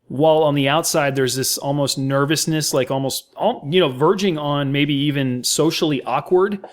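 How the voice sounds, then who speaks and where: An American man, a podcast co-host, talking about a film with enthusiastic, effusive praise and many fillers. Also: fairly high pitch. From United States. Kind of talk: casual film discussion.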